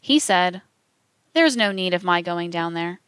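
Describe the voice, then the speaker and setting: A woman narrating from a script, reading historical testimony in a measured way and speaking the quotation marks aloud. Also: lowish voice, lively intonation, fairly bright tone, clean tone, no echo.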